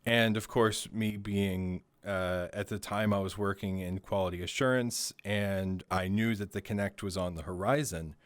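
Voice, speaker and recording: A man from Maryland hosts a casual studio interview, his voice sitting on the low side. He jokes and laughs easily. The sound is dry and close, with little room around it. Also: steady tone, moderate pace, hardly any pauses, no echo. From Maryland, USA. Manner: joking, laughs often. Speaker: talk show host.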